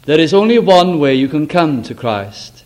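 A man preaching a revival sermon, swinging from loud exclaiming to hushed, solemn tones. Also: on the high side, big pitch swings, normal speed.

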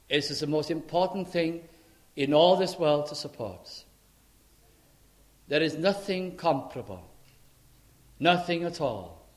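A man preaching a sermon in a church, emphatic and dramatic, swinging between loud and soft. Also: mid-range voice. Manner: emphatic, dramatic rises and drops in loudness.

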